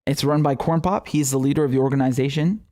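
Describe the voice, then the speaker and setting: A man's voice: medium pitch, quick pace, mellow. A young man hosting his own political commentary show, talking casually, sarcastic, swearing freely and laughing often.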